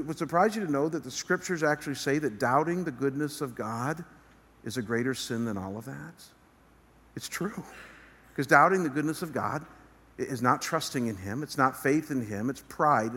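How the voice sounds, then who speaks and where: A man's voice: medium pitch, moderate pace, a bit bright, husky. A male pastor preaching an earnest sermon from a church stage, building emphasis as he speaks. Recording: long reverb of a large hall.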